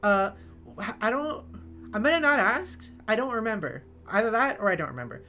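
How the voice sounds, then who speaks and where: A woman's voice: a little high, big pitch swings, normal speed, sharp tone, faint music behind. An American woman streaming a game, chatting casually and reading chat messages aloud in a bubbly, joking manner.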